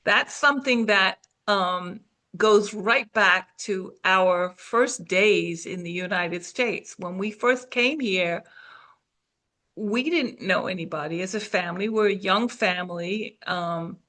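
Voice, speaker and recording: A woman's voice: mid-range voice, slow, pushed and bright. A middle-aged woman from England, hosting a casual interview and steering the conversation along. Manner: steering, leads the talk in order. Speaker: interviewer, host.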